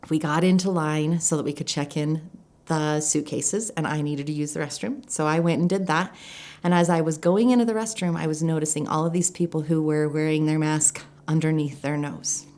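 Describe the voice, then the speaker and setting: A woman with a low-pitched voice shares a personal story straight to camera. She speaks earnestly and reflectively, slowing down on the points she wants to stress. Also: fairly even intonation, darkish tone. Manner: reflective, earnest, slows down for emphasis. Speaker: life coach.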